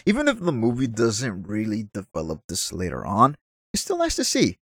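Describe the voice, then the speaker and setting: A man's voice: on the low side, wildly swooping pitch, moderate pace, breathy edge, dry recording. A man giving a casual movie review, chatty, with apologetic asides and the odd stumble over his words.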